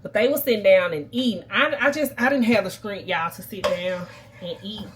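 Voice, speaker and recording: A young woman, telling a long casual story to her viewers and addressing them warmly as baby and y'all. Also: medium pitch, normal speed, background noise. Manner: chatty, animated storyteller who keeps calling the viewers "baby" and "y'all". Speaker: vlogger.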